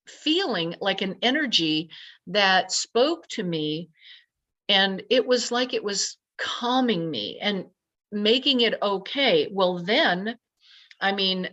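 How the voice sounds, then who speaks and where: A woman guest telling a personal story in a lively way, acting out her own past thoughts as quotes. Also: medium pitch. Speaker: podcast guest. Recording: dull lo-fi sound.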